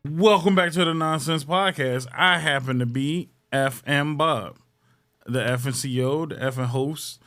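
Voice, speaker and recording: A man's voice: on the high side, measured pace, a bit bright, soft background music. A man hosting a comedy podcast, chatting loosely and ranting with profanity and jokes. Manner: loose, profane, joking rants. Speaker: podcast host. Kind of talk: casual comedic podcast chat.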